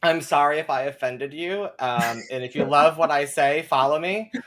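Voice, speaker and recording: A young man talking as a guest on a live chat, animated and sarcastic, with frequent profanity and laughter. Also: on the high side, moderate pace.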